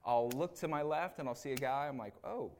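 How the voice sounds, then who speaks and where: This assistant pastor has a medium-pitched voice and a brisk delivery, with a little hiss or hum in the background. His sermon feels like a chat, with offhand asides, frequent "right?" check-ins, and lively acted-out impressions of the people in his stories.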